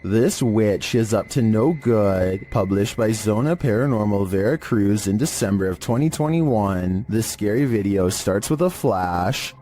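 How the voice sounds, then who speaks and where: Monotone man narrating creepy clips. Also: fairly low pitch, soft background music. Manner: monotone, measured. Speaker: YouTube horror countdown narrator. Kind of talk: scripted narration.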